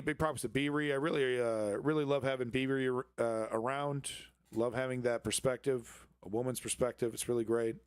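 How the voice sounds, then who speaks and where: A man's voice: mid-range voice, clear, resonant tone, no room sound. A man hosting a casual news livestream, talking sarcastically in a mock-patriotic, profane way. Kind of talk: casual live-stream chat.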